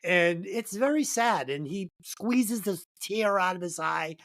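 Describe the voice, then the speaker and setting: A woman co-hosting a casual comedy movie-review podcast, telling stories in a profane, emphatic, animated way. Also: medium pitch, a little slow. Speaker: podcast co-host.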